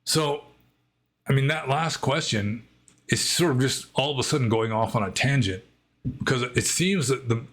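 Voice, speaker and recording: A Buddhist monk answering viewer questions in a casual monologue, thinking aloud and rambling with frequent "I mean" asides. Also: male voice, mid-range voice, moderate pace, a bit bright.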